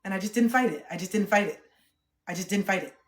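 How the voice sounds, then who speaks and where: A young woman streaming, chatting candidly and reflectively, swearing freely and getting animated when she retells things. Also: mid-range voice, fast. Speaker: livestreamer. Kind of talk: candid casual livestream chat. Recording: roomy echo.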